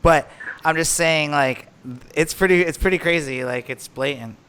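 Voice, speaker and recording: Bright-voiced rambling young man. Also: fairly high pitch, moderate pace, clear, resonant tone. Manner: rambling, filler-heavy and excitable. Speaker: podcast co-host. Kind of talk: casual chat recapping a reality show.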